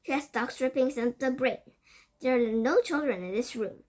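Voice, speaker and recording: A bossy, domineering witch queen in a storybook reading, put on by a woman. She barks commands in a raised, fairly high voice, slightly louder than the narration around her. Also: moderate pace. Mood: furious. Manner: commanding, barking orders. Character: stern domineering female witch leader.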